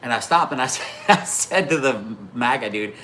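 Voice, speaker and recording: Male streamer, forceful bright tone, loose profane storyteller who chats with his audience. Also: medium pitch, moderate pace, a little hiss or hum. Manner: animated, swearing, laughing through anecdotes; talks to viewers by name between stories. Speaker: livestream host. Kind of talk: casual storytelling to a live chat.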